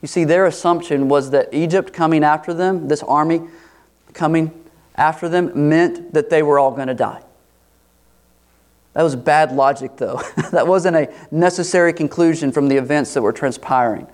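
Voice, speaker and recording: A man preaching through a scripture passage. His voice sits a bit high for a man, and he swings into animated, higher-pitched voices whenever he acts out a quote. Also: normal speed. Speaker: pastor. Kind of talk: expository sermon.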